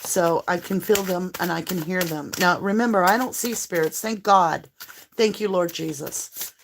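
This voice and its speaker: A woman's voice: lowish voice, normal speed, gravelly, background noise. A woman giving a casual tarot reading to her viewers, chatty and a little scattered, reassuring them with spiritual talk. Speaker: tarot reader.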